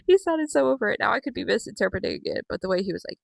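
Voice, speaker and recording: A young woman talks through the week's wrestling in an unscripted, chatty way, dropping swears and filler words as she goes. Her voice is bright and forward. The recording is dry and close, with no room sound. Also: medium pitch, animated, quick pace, vocal fry, dry recording. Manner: chatty and profane, with frequent fillers. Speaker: wrestling vlogger. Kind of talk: casual recap vlog.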